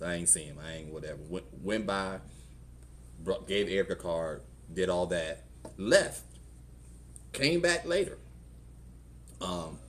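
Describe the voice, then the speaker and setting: In church, a deep-voiced, middle-aged pastor with a Southern US accent gives a testimony sermon, telling his own story conversationally and acting out the voices of the people in it.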